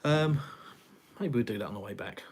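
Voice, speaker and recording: A man's voice: mid-range voice, lively intonation, normal speed, husky. Middle-aged English man, live-stream host; chatty, meandering, lots of fillers. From England. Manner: rambling, conversational, frequent fillers and sighs. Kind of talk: casual live chat reading viewer comments. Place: home, in Russia.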